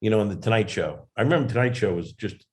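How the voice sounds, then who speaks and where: A man's voice: lowish voice, lively intonation, fast, a little mellow. A man, a comedian and actor, telling rambling self-deprecating stories as a guest over a video call. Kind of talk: casual interview storytelling.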